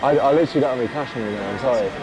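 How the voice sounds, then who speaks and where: A man's voice: medium pitch, rapid-fire, low-quality recording. A young man talking to himself and passers-by on a city street at night, wry and self-mocking. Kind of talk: on-location vlog. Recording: street recording under loud music. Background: loud music and street traffic.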